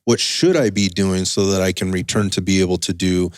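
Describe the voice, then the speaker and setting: A man's voice: low-pitched, fairly even intonation, brisk, clean tone, dry recording, studio quality. A man hosting a casual podcast chat as a strength coach, talking emphatically with frequent restarts and rambling asides.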